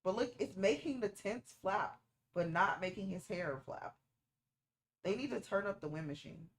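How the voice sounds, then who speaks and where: A woman's voice: medium pitch, lively intonation, moderate pace. A woman streamer giving casual reaction commentary while watching a movie, playful and teasing and picking at small details.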